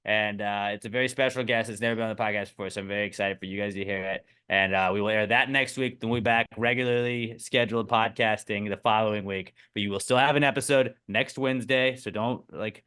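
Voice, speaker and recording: A man hosting a podcast with joking, rambling talk and deadpan asides, reading listener questions. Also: on the low side, quick pace, hardly any pauses, clear, resonant tone. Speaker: podcast host. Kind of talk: casual podcast banter.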